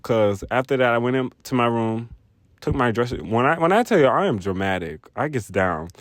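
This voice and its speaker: A young man telling a personal story in a casual vlog, rambling, animated and profane. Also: mid-range voice, brisk, dry recording, studio quality. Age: young adult. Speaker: vlogger.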